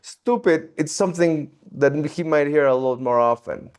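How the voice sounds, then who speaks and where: A man co-hosting a podcast in casual chat, blunt and quick to swear. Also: fairly high pitch, darkish tone, clean tone. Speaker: podcast co-host.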